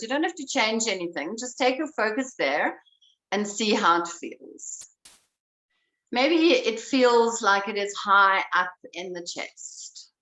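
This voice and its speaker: A woman breathwork instructor leading a guided breathing exercise, giving slow, calm instructions. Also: fairly high pitch. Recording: roomy sound, voice away from the mic.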